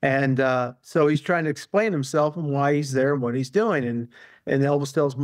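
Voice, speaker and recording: A man's voice: medium pitch, normal speed, no echo, studio quality. A male author, a guest in an interview, telling a long anecdote casually with many fillers and restarts.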